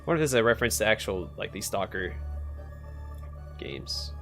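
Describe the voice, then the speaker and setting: A man's voice: lowish voice, very animated, fairly quick, gravelly, a bit bright, faint music behind. Laid-back man commenting on a game. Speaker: let's play host. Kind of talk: casual gameplay commentary.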